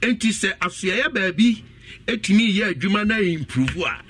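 A Ghanaian-accented man speaks as an interview guest on radio, his voice high and swinging widely in pitch. The tone is bright and forceful, and the sound is close and dry. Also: moderate pace, dry recording. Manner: animated, explanatory. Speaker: agency head, guest. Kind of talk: radio interview, mixing Twi and English.

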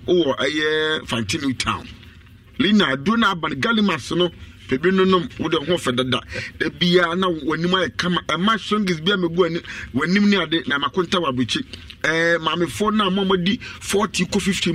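A man's voice: on the high side, no room sound, recorded from a distance. A man with a Ghanaian accent working as a radio DJ, reading ads live in a sing-song, chanting way. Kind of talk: live radio ad reads over music. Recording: loud hip hop under voice, off-mic.

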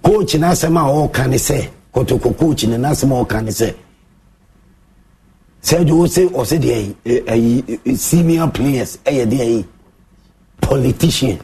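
A man with a Ghanaian accent hosting a sports monologue show, mixing Twi and English, theatrical, with big swings in pitch. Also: animated, a little slow, warm tone, slightly rough. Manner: mixes Twi and English, theatrical, shifts pitch a lot, sings bits.

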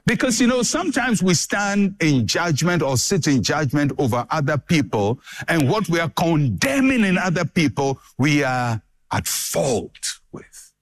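A man delivers a sermon in a measured, unhurried way, stacking repeated phrases for dramatic effect. His voice sits fairly high and rises and falls with wide, lively swings as he drives each point home. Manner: dramatic, emphatic preaching with repetition. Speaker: preacher.

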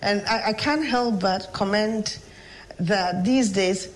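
A woman's voice: medium pitch, slight background noise, low-quality recording. Reflective Ghanaian woman professor. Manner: storytelling, measured and reflective. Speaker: professor and guest. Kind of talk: interview conversation.

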